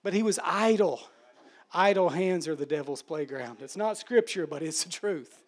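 A man preaching a sermon, swinging between hushed and forceful, repeating words as he builds each point. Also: fairly high pitch, animated, normal speed. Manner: emphatic, dramatic swings between soft and loud.

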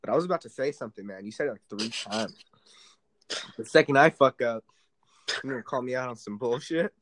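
A man's voice: mid-range voice, fairly quick, fairly bright tone, no echo. Young man, laid-back teasing banter. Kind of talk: casual chat.

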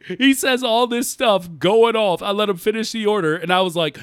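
Brief: high, lively-voiced man spinning funny work stories, laughs a lot, says "y'all", dry close mic. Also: normal speed, clear, resonant tone, no room sound. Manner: animated, laughs often while talking; drops his voice low and calm to quote himself. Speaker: podcast guest storyteller. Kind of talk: casual storytelling.

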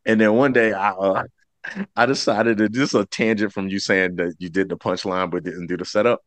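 Lively, laughing male podcast host. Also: on the low side, fairly quick, no room sound. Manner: animated, laughing, acts out quoted voices. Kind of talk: casual storytelling chat.

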